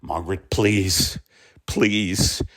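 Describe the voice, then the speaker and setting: A hoarse man playing an anxious, pleading middle-aged husband in a comedy sketch, with a gravelly voice. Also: deep voice, steady tone, drawn-out words, fairly bright tone, exaggerated voice. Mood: weary, anxious. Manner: weary, pleading, frets aloud. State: hoarse from bronchitis.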